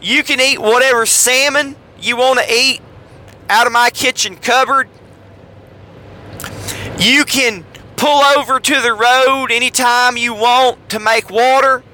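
A man's voice: very high voice, steady tone, unhurried, pushed and bright, slight background noise, voice pushed up, heavily acted. A man putting on the voice of an older Southern male chauffeur, drawling and folksy with a Southern US accent. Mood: scolding. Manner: drawling, scolding, folksy dialect.

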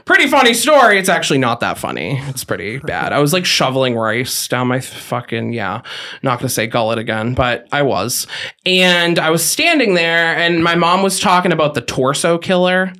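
Podcast guest, man, swearing storyteller who loses his thread, bright jumpy voice. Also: fairly high pitch, big pitch swings, moderate pace. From Greater Boston. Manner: profane, rambling, loses track of his story. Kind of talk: casual rowdy storytelling.

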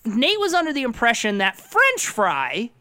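A man co-hosting a comedy podcast, animated and arguing with mock outrage. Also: extremely high pitch, moderate pace, no room sound. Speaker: podcast co-host. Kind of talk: casual comedic chat.

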